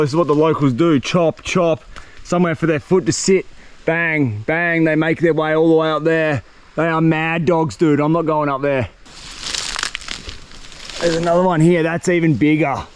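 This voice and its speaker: A young man talks straight to the camera as he explores a jungle on his own. His voice sits a little high for a man, and he speaks in a loose, slangy way that keeps spilling over into excitement. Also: clean tone. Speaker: survival vlogger. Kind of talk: solo outdoor vlog narration. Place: outdoors in a tropical jungle.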